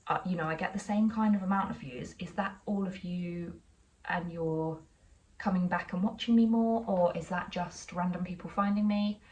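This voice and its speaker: A woman's voice: fairly low pitch, moderate pace, darkish tone, distant mic, dull audio. A woman with an English accent chatting casually in a vlog, telling a rambling story with lots of asides. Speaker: vlogger.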